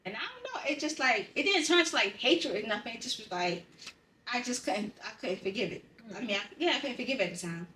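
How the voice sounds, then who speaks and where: A woman's voice: on the high side, lively intonation, brisk, sharp tone, slight background noise. Woman talking candidly on a podcast, blunt and swearing a lot, sounds kinda far off in an echoey room. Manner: blunt, profane, emotionally raw storytelling. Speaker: podcast co-host. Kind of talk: candid personal conversation. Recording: roomy sound, distant from the mic.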